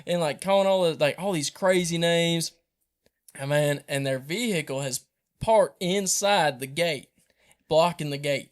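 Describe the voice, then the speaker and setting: A man, telling a hunting story on a podcast in an animated way and acting out the voices. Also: on the high side, unhurried. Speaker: podcast host. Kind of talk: casual storytelling.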